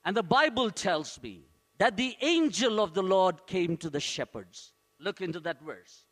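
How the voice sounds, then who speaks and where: A man's voice: high-pitched, lively intonation, unhurried, a bit bright. A man preaching a sermon as a pastor, earnest and repeating phrases for emphasis.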